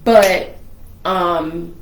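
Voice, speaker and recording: A woman telling a personal family story in casual conversation, animated and acting out the voices she quotes. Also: on the low side, very slow, roomy sound. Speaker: guest sharing a family story.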